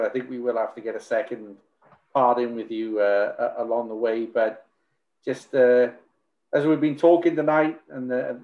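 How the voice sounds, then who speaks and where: A man hosting an interview, closing it out with thanks and frequent hesitant fillers. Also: medium pitch. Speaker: podcast host. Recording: roomy, dull lo-fi sound.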